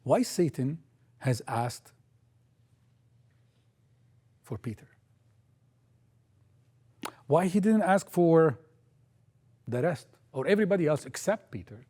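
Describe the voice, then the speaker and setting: Higher-voiced man preaching a sermon. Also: expressive, unhurried, long pauses, mellow, breathy edge. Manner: emphatic, repeats key phrases.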